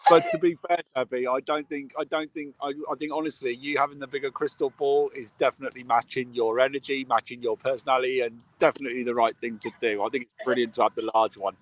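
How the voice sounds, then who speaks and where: A man's voice: medium pitch, fairly even intonation, fast, few pauses, a little hiss or hum. A man, a medium, telling a funny family story in casual chat on a live video call. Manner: chatty, laughs at his own stories. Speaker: medium, co-host.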